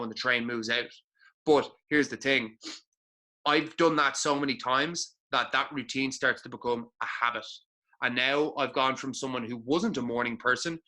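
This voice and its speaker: A man's voice: mid-range voice, sharp tone. A man co-hosting a podcast, giving blunt motivational talk full of swearing and emphatic repetition. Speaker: podcast co-host.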